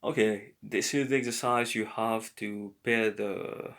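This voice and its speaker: A man giving a slow, patient beginner language lesson, explaining words one by one. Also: lowish voice, fairly even intonation, a bit bright. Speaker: language teacher.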